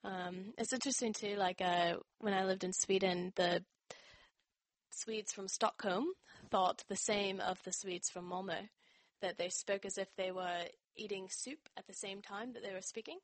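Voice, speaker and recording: A young woman from North Carolina whose accent blends American, Australian and British sounds, chatting casually with soft laughs and frequent ums. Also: mid-range voice, steady tone, moderate pace. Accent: mixed American, Australian and British. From North Carolina, USA. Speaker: interviewee. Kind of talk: casual conversation.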